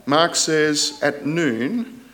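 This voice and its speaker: A man preaching a sermon in an earnest, deliberate way, rising loud on quoted scripture and dropping soft at the ends of phrases, with rhetorical questions. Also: fairly high pitch.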